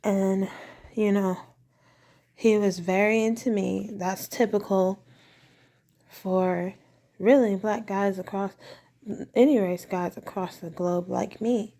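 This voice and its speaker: A woman's voice: mid-range voice, steady tone, slow pace, long pauses, warm tone. A woman vlogger telling a personal story in a casual, rambling way, trailing off and restarting, recorded at home in her bedroom. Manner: rambling, meandering, with frequent restarts.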